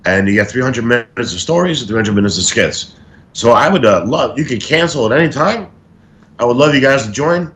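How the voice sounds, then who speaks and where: A stand-up comedian appears as a guest in a casual interview, telling showbiz stories. He speaks fairly quickly in a mid-range voice, animated and acting out the stories and quotes.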